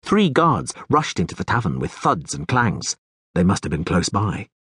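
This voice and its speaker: A man reading a fantasy audiobook aloud with dramatic, expressive narration. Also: low voice, moderate pace, breathy edge, no room sound, clean studio sound.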